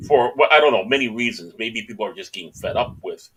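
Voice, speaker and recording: A man in casual podcast chat, full of opinions and quick jokes. His voice is husky and bright, and it rises and falls a lot as he speaks. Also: lowish voice, expressive. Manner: opinionated, jokey asides. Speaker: podcast co-host.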